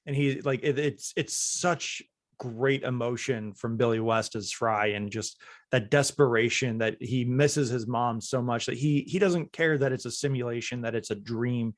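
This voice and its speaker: A man's voice: mid-range voice, moderate pace, dry recording, studio quality. A man hosting a podcast, speaking in an earnest, reflective casual way. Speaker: podcast host. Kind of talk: casual chat.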